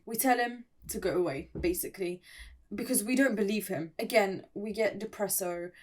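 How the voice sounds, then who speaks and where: A woman's voice: mid-range voice, expressive, moderate pace. A young woman in a casual, playful recap of an online story, chatty and laughing often, with dramatic asides.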